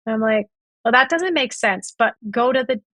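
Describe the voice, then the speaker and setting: Speaking at a normal speed in a fairly high, animated, slightly bright voice, this podcast guest retells an old relationship and acts out each person's lines. The recording is dry.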